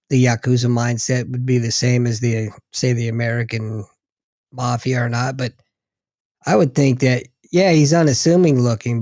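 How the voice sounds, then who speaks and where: A man hosting a casual chat, giving brief reactions and relaxed questions. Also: medium pitch, no echo, clean studio sound.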